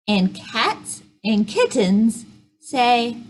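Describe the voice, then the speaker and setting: A woman librarian reading picture books aloud at a preschool storytime, slow and sing-song, breaking into animal noises. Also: on the high side, very animated, slightly rough. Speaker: children's librarian.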